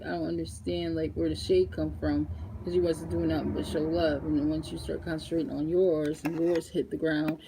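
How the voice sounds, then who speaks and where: A young woman chatting casually in a makeup vlog, animated and laughing often as she talks straight to her viewers. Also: on the low side, slight background noise. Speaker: beauty vlogger.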